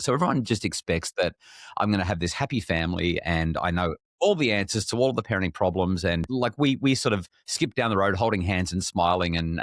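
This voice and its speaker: A man's voice: low voice, a bit bright, dry recording, clean studio sound. A middle-aged man with an Australian accent, a parenting expert speaking candidly in a podcast interview, with frequent restarts. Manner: frank and self-deprecating, many restarts.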